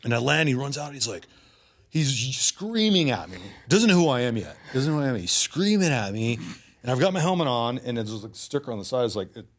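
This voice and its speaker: Man, podcast guest, casual storytelling, average pitch, easygoing and animated. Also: a little fast. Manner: animated, laid-back, swears freely.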